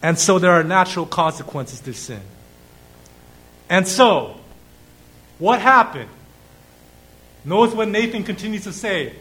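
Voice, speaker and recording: A man preaching a sermon, asking rhetorical questions, reading scripture aloud and pausing for effect. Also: high-pitched, lively intonation, pushed and bright, low-quality recording.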